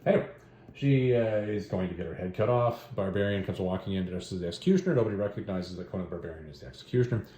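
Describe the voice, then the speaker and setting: Fast-talking man recapping a story. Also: deep voice. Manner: rambling, joking, animated retelling. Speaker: host reviewing stories and comics. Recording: roomy echo.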